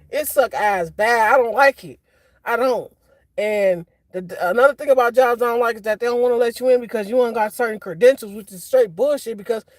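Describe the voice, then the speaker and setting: A livestreamer holding forth in a casual, slangy rant, circling back and restarting as the thoughts come. The voice sits high and sounds close and dry, with no room around it. The delivery is blunt and loose, with laughs at their own jokes. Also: a bit bright, dry recording. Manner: rambling and slangy with frequent restarts.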